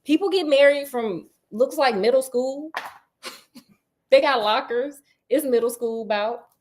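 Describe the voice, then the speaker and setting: A woman with a bright, high voice retells a children's story in a loose, conversational way. She breaks off into sassy asides and laughs as she goes. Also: unhurried, slight background noise. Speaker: storyteller host.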